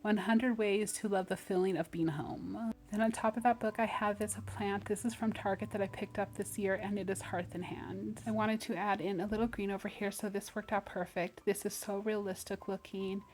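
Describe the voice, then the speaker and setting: A woman's voice: mid-range voice, fairly even intonation, moderate pace, hardly any pauses, a little mellow. A woman giving a casual, cheerful home tour as a decor vlogger, gushing over each piece she shows. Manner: cheerful, gushing, often says she loves things.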